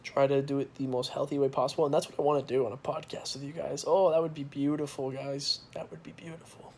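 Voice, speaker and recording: A man's voice: medium pitch, level tone, quick pace, a little hiss or hum. A young man talking casually to his viewers in a candid, rambling vlog, swearing freely. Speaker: vlogger.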